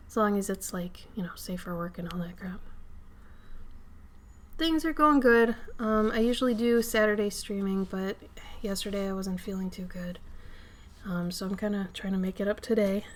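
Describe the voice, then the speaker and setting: Here the woman's pitch is medium and her speed normal. She's hoarse and getting over an illness, with a Minnesota background, crackling and frequently dropping to a whisper as she draws and chats on stream with the microphone near her face.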